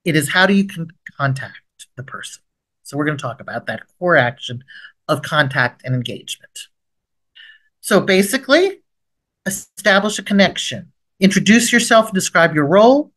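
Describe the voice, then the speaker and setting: Leading a training webinar as a trauma expert, a woman teaches through an instructional lecture with role-played examples. She speaks low-pitched at a moderate pace, stays lively, and her voice rises sharply whenever she acts out gentle approach lines.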